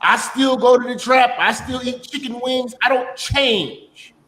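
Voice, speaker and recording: A man speaking as a panelist on a livestream, slow, deliberate and profane. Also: very high-pitched, bright, forceful tone. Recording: echoey room.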